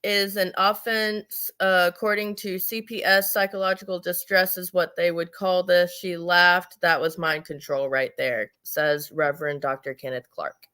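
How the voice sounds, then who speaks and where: A woman's voice: on the low side, flat delivery, moderate pace, hardly any pauses, pushed and bright. A woman co-host of a live talk show who reads viewer comments in an easygoing, hesitant way. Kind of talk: casual live show chat.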